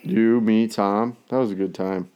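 A man in his thirties, a dad, in casual chat, blunt and quick to swear, laughing along. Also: lowish voice, fairly even intonation, smooth, muffled recording. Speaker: friend chatting, a dad.

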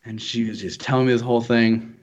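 A man's voice: medium pitch, fairly quick, lo-fi sound, a little hiss or hum. A young man in his twenties telling a frustrating story in a casual, profane, exasperated rant. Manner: exasperated, profane, animated retelling.

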